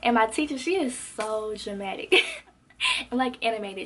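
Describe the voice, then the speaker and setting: A young adult woman vlogger telling a casual storytime, animated and slangy, acting out what others said. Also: a little high, unhurried. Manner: animated, expressive, slangy, acts out quotes.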